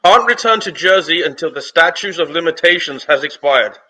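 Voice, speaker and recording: A man playing as a comedian panelist on a comedy game show, firing off blunt, dark one-liners. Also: a little high, animated, a little fast, poor audio.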